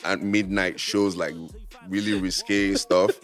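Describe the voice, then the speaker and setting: A young man from Nigeria with a very deep voice, talking as a guest in a casual podcast chat. He tells stories candidly, laughs often and acts out what he was thinking back then. Faint music plays underneath. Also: level tone, a little slow. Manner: candid, laughing, acts out his own past thoughts.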